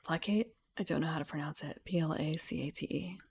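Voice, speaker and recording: A young woman streamer reading a game rulebook aloud at home into a studio mic, softly and half-whispered, with chatty asides. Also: low-pitched, fairly even intonation, fast talker, creaky, husky. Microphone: studio mic with pop filter.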